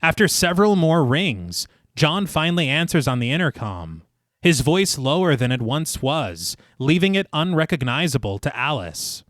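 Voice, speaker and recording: A man with a slightly high voice recaps a film scene by scene for his podcast. His delivery swoops up and down with lots of movement. The recording is close and dry, with no room sound. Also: big pitch swings, moderate pace, fairly bright tone, dry recording. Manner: narrates plot at length, laughing between passages. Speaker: podcast co-host.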